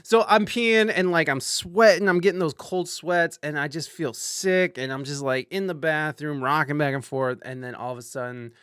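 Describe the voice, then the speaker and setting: A man with a slightly higher-pitched, smooth and clear voice tells a crude story in a casual chat. He is animated and profane, and he bursts into loud, panicked yelps when he quotes himself. The sound is close and dry. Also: moderate pace, few pauses, no room sound. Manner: greets live-stream viewers mid-story. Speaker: podcast host.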